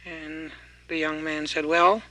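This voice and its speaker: A man telling a traditional folk tale in a folksy, unhurried way, often repeating "he says". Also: fairly high pitch, little pitch movement, pushed and bright, low-quality recording. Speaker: storyteller.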